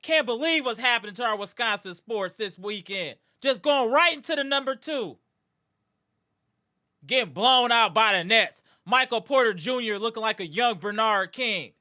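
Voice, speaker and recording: A woman hosts a live sports reaction stream, ranting as a fan in anger and frustration with repeated outbursts. Her voice is a little high and bright, with a forceful tone.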